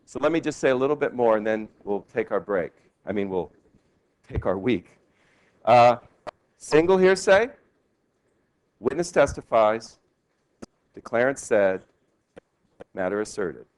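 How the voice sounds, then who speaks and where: A male law professor giving a classroom lecture, lively and quizzing his students with questions. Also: medium pitch, unhurried, long pauses. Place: law school lecture hall.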